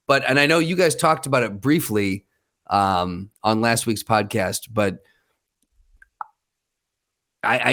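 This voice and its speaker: A man's voice: medium pitch, a bit bright. Man telling a story on a podcast. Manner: storytelling, acting out the people in his anecdotes. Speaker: podcast co-host. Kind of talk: casual chat.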